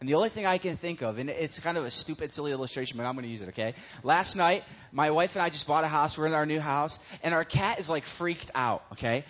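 A male preacher with a slightly raised voice delivers a sermon in an easygoing, conversational manner. He tells animated stories to make his point. The recording sounds dull and lo-fi. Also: on the high side, fast, hardly any pauses.

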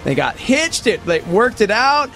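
A man's voice: high voice, sing-song, measured pace, pushed and bright. A man hosting a podcast who retells a true crime story with theatrical flair. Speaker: podcast host. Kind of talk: dramatic storytelling chat.

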